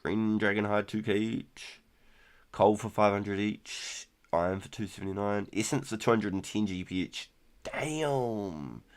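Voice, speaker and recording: A man in his thirties casually chatting through a live game stream, relaxed and rambling, with keyboard clicks behind him. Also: lowish voice, unhurried. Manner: relaxed, rambling, repeats words. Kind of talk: casual gameplay commentary.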